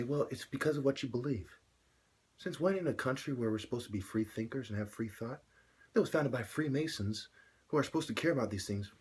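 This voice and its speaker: A man ranting alone to camera, full of "you know"s, swinging from a low mutter to loud shouts. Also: husky. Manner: filler-heavy, many "you know"s. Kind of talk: solo rant to camera.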